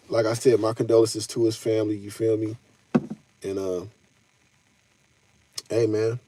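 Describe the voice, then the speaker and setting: A man with a warm, fairly low voice gives casual live-stream commentary. He keeps it loose and slangy, responding directly to his chat.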